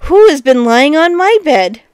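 A woman's voice: high voice, very animated, a little slow, darkish tone, dry recording, clean studio sound, pitched above the performer's own voice. A woman voicing a middling-sized bear in a storybook, indignant, speaking in a firm, raised voice.

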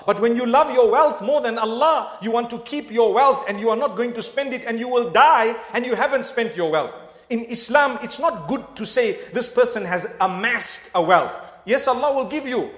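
A man's voice: sits high, roomy sound, long reverb tail. A man preaching a sermon in a mosque, earnest and speaking straight to his listeners with questions. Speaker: Islamic preacher.

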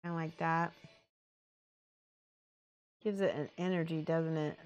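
A woman's voice: low-pitched, steady tone, a little slow, a little mellow, highs cut off. A woman chatting casually on a live stream as she paints miniatures, thinking aloud and reading out the chat.

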